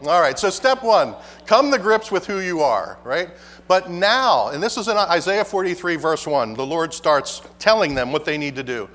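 High-voiced preacher in a reverberant hall. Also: male voice, lively intonation, normal speed, fairly bright tone. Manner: emphatic preaching with rhetorical questions. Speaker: pastor. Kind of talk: sermon.

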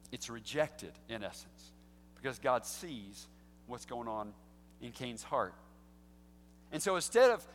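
Man, pastor, sermon, high voice, hushed-to-loud emphatic delivery, long hall reverb. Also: slight background noise. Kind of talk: expository sermon.

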